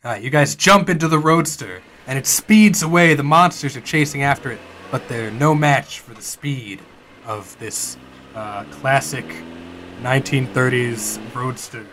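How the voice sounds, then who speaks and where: A man's voice: medium pitch, unhurried, fairly bright tone, slight background noise. A man narrating as game master in a tabletop game, hesitant, with many fillers.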